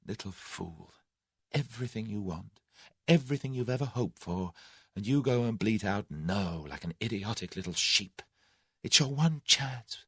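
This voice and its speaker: A man voicing a spirited, quick-tempered young English woman with sharp, indignant retorts. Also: medium pitch, big pitch swings, no room sound, studio quality, pitched above the performer's own voice. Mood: self-reproaching.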